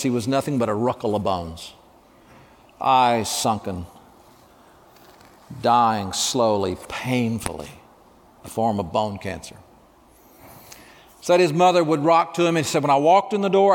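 A man preaching a sermon, telling a story with dramatic pauses and dropping to a hush at emotional moments. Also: medium pitch, long reverb tail. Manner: dramatic, hushed at emotional moments, acts out dialogue.

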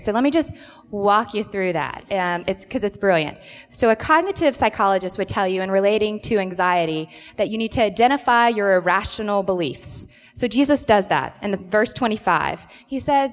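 A woman's voice: medium pitch, lively intonation, normal speed. Earnest woman counselor in a hall. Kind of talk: sharing a personal story in a church panel.

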